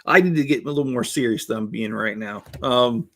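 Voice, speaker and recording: A man in his fifties hosts a relaxed live stream and chats along with his viewers. His voice sits at an ordinary middle pitch. He rambles from one story to the next, joking and chuckling as he goes. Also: a little fast. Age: 50s. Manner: rambling and jokey, chuckles often. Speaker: host building LEGO sets while reading viewer chat. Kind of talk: casual live-stream chat.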